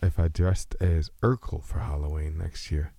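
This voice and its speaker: With a very deep, mellow, creaky voice and a slight Texas twang, this podcast host drifts from thought to thought in a solo monologue, loose and joking and often mocking himself. He keeps a steady tone at a moderate pace. The sound is close and dry, with no room sound.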